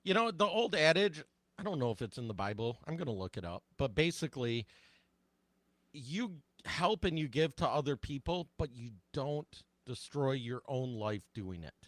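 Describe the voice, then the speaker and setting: A man co-hosts a casual talk show, speaking plainly and chiming in to agree. His voice sits mid-pitched. The sound is dry and close. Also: very animated, normal speed, a bit bright, no room sound. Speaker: co-host.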